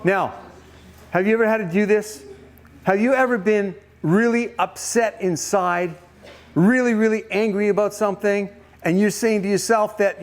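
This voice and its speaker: A man's voice: high voice, normal speed. A man giving a youth camp sermon, retelling a Bible story and questioning his listeners. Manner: animated storytelling, questions to the audience. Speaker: camp speaker.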